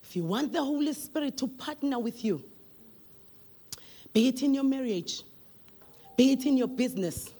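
High, fiery South African woman preaching. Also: expressive, moderate pace, pauses often, slightly rough. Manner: shouted declarations, rhythmic chanting. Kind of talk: sermon.

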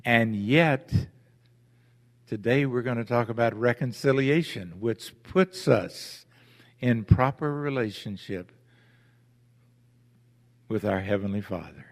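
In a church sanctuary, a male pastor preaches to his congregation with deliberate emphasis and rhetorical questions. His voice is medium in pitch, and the church hall adds long reverb.

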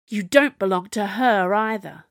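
Desperate young sorceress, woman narrator voicing her, pleading and pitched up. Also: sing-song, normal speed, dry recording, studio quality. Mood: urgent. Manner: urgent, pleading, high-pitched.

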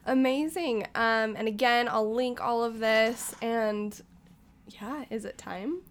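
A woman's voice: a little high, slow. Enthusiastic woman hosting a podcast. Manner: enthusiastic, laughs often. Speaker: podcast host. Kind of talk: casual podcast storytelling.

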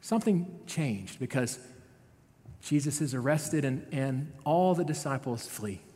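A man's voice: mid-range voice, lively intonation, a little slow, warm tone. A man, a pastor, giving a conversational sermon, retelling a story with frequent "right?" asides. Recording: long reverb of a large hall.

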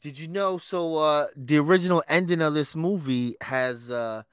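A man's voice: fairly high pitch, moderate pace, a bit bright, smooth, no room sound. Enthusiastic man, dry close sound. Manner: enthusiastic, calls his co-host "bro". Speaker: podcast co-host. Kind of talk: casual chat.

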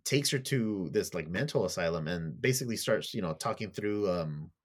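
A man's voice: deep voice, lively intonation, moderate pace. A man on a casual podcast, animatedly retelling a TV plot in a rambling way, full of fillers and casual swearing. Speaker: podcast co-host.

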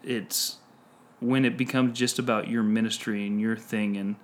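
A man's voice: lowish voice, steady tone, moderate pace, a little hiss or hum. A man chatting casually on a podcast, telling a self-mocking story and often laughing at himself. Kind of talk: casual chat.

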